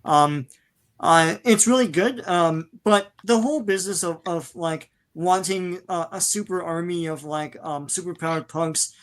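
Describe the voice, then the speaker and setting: A man's voice: sits high, measured pace. Hesitant man thinking aloud about a film. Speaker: podcast co-host. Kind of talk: casual movie review chat.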